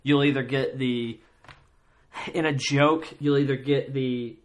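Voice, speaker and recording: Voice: mid-range voice, steady tone, moderate pace. Rambling, casual solo podcast host. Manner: casual and rambling, many fillers and restarts; breaks into loud mocking voices when quoting others. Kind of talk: solo comedy podcast commentary.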